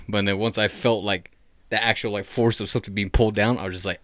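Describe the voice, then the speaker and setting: Young guy, lowish voice, loose profane storyteller, dry close mic. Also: steady tone, fast, fairly bright tone, no room sound. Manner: rambling, profane, lots of "like". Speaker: podcast host telling a ghost story. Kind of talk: casual storytelling.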